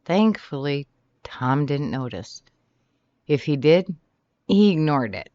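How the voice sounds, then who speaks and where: An audiobook narrator reading a romance novel in the first person, animated and shifting pitch often from line to line. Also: slow pace, long pauses, dry recording. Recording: slightly dull, dry recording.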